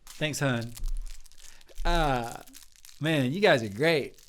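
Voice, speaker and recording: A man's voice: mid-range voice, very slow, fairly bright tone. Ray: a man doing a sleazy southern sugar daddy. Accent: Southern US drawl. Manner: folksy, leering, calls everyone hun. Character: sleazy middle-aged male sugar daddy regular, banjo lover.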